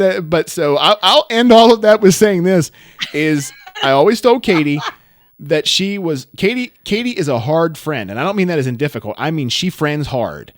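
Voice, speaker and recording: A man co-hosting a podcast, telling a story in a casual, rambling, self-deprecating way that turns animated. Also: fairly high pitch, moderate pace, dry recording, clean studio sound. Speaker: podcast co-host.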